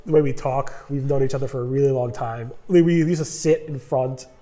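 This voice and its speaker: A man's voice: mid-range voice, brisk, warm tone. A man hosting a casual vlog, talking on the road and then chatting with a guest, with lots of fillers and jokes. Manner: chatty, filler-heavy, joking. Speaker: vlog host. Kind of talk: casual vlog talk and interview. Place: driving in a car, then indoors at an office.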